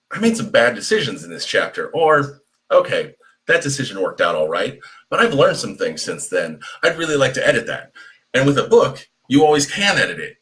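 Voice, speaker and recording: Low-voiced rambling man answering questions. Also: sharp tone. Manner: rambling, full of restarts and fillers. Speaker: author answering fan questions. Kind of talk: live online Q&A. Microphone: computer mic on a live stream.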